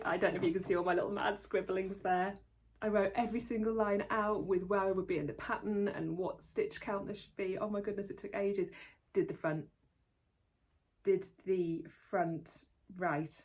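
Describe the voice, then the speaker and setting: A woman chats to her viewers about her knitting in a loose, rambling way, often restarting her sentences and poking fun at her own mistakes. Her voice has a soft, breathy edge, and her pitch sits in an ordinary middle range. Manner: chatty, rambling and self-deprecating, with frequent restarts. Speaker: knitting podcast host. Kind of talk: casual chat to camera.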